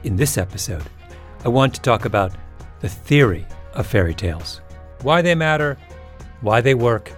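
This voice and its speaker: A man's voice: medium pitch, sing-song, normal speed, soft background music. A man hosting a podcast in wry, emphatic scripted narration. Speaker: podcast host.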